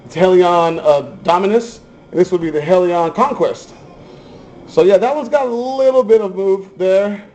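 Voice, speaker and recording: A man's voice: high-pitched, normal speed, a little mellow, muffled recording. A man giving a casual, chatty show-and-tell of his hobby cars, offhand and swearing now and then. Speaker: RC hobby vlogger.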